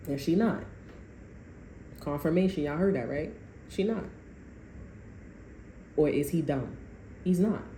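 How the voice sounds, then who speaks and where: A woman giving a casual, animated tarot reading, full of profanity and asides to her viewers. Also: low-pitched, slow, pauses often. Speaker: tarot reader. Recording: echoey room, faint noise.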